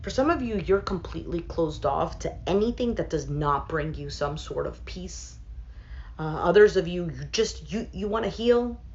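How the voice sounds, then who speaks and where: A woman's voice: lowish voice, expressive, normal speed, darkish tone, dull audio, slight background noise. A woman reading tarot cards for her viewers in a casual, thinking-aloud way, with many fillers and asides. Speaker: tarot reader.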